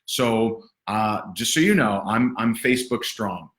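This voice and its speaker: A man giving livestream sales training in an energetic, sarcastic, punchy motivational way. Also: on the low side, a little slow. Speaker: network marketing trainer. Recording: roomy echo.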